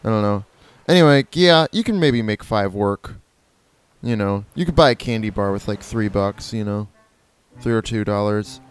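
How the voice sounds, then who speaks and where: This man's smooth voice is on the low side and animated, moving at a normal speed. As a gameplay host doing casual let's-play commentary, he rambles playfully, self-corrects as he goes, and imitates creature cries.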